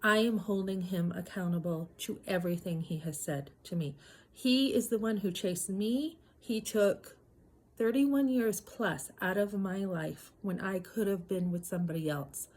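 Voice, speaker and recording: A woman in her fifties talking straight to her viewers in a personal vlog, emphatic and indignant, acting out her own sharp words and holding back tears. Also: medium pitch, measured pace. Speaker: vlogger.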